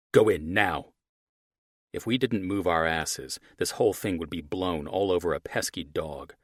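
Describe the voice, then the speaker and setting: A man narrating an audiobook in the first person, with a gruff delivery that drops to a low mutter on curses. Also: no echo, studio quality. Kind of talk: scripted narration.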